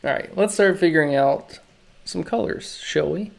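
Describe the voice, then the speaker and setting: A man streaming live as he draws, chatting casually in slow, musing, self-critical asides, his throat feeling a little off. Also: on the high side, gravelly. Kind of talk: casual live-stream chat while drawing.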